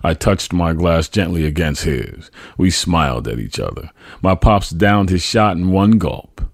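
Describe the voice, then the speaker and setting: A man reading his own memoir aloud as a podcast host, husky and tender. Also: deep voice, animated, unhurried, dry recording, studio quality. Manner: tender, reflective storytelling.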